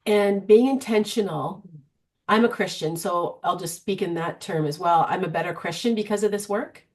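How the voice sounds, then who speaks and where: A middle-aged woman, a guest coach, talking in an animated, storytelling way during an interview. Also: on the low side, moderate pace. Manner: animated, storytelling, frequent restarts. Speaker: guest, vision board coach. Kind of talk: conversational interview.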